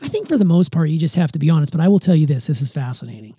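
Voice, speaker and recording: A man's voice: a little high, big pitch swings, racing, mellow, husky, no room sound, studio quality. A man in his forties hosting a podcast with his daughter, talking candidly and playfully about his own faults. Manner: candid, self-deprecating, playful. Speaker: podcast host. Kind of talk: casual family podcast chat.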